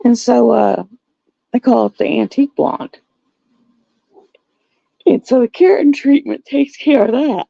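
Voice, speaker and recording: A middle-aged woman, hosting a livestream and telling stories in a casual, animated way. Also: fairly high pitch, measured pace, gravelly, pauses often, dry recording. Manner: animated storytelling with laughs. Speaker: livestream host. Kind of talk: casual chat. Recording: dull lo-fi dry sound.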